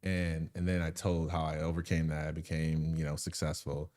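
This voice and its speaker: A man hosting a podcast in casual chat, an animated storyteller who drops quiet and heavy, then turns loud and laughing, thinking aloud with restarts. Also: very deep voice, moderate pace. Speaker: podcast host.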